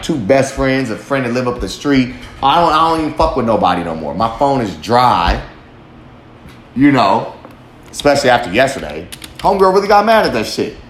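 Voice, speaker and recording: In an echoey room with a faint hum in the background, a male podcast host rambles through a profane monologue, blunt and swearing nonstop. His voice is medium-pitched with a fairly bright tone.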